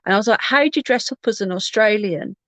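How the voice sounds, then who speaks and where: A woman's voice: mid-range voice, quick pace, dry recording. A woman hosting a livestream, telling a personal story in a candid, rambling way with frequent restarts. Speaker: livestream host.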